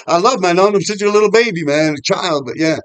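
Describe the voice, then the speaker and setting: This fast talker has a high-sitting, clean-toned voice with no room sound. He's a middle-aged New York City man who vlogs as a graffiti writer, casually telling old graffiti tales outdoors on a walking path in a rambling, profane, laugh-filled way.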